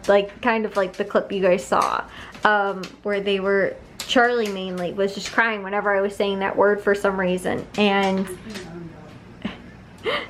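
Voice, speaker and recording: A woman's voice: mid-range voice, little pitch movement, moderate pace, faint music behind. A young woman chatting casually to her camera at home, laughing often and filling her talk with "like" and "um". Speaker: vlogger. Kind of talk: casual vlog chat. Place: home, indoors. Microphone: handheld camera.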